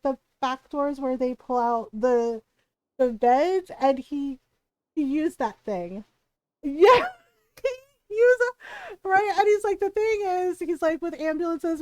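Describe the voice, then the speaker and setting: Brief: high-pitched woman streamer, casual and animated, telling stories with lots of "like". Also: no room sound. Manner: animated storytelling, full of "like" and acted quotes. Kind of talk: casual chat while gaming.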